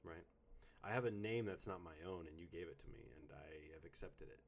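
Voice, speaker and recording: A man in his thirties co-hosting a casual chat, playful and theatrical, swinging between quiet mumbles and loud outbursts. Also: low-pitched, a little fast, vocal fry. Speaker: podcast co-host. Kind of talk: casual chat, reading listener notes.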